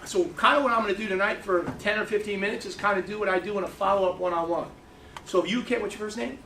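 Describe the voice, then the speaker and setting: A middle-aged man leads a sales training session and talks fast in stories, often restarting his sentences. His voice sits high and sounds bright and forceful. He is picked up from some distance in an echoey room. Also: slight background noise. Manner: fast storytelling with lots of restarts. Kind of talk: motivational training talk.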